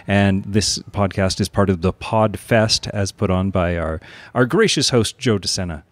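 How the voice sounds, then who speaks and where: A man from Canada opening a podcast interview, relaxed and chuckling. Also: sits low, normal speed, dry recording. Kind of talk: casual podcast interview intro.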